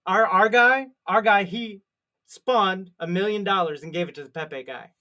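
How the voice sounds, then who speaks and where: A man's voice: high-pitched, moderate pace, sharp tone. A man co-hosting a casual crypto chat show, teasing his partner and laughing often. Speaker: podcast co-host.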